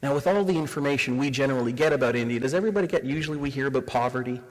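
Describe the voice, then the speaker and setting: A Canadian man in his forties speaks rapid-fire at medium pitch while giving a live diversity workshop. He engages the audience with rhetorical questions, and the room sounds reverberant.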